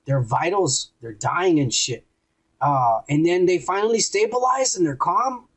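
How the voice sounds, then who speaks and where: A man's voice: high voice, expressive, unhurried, a bit bright. A man hosting a podcast, retelling a TV episode in a profane, rambling way with lots of acted-out quotes. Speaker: podcast host. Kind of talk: casual recap of a TV episode.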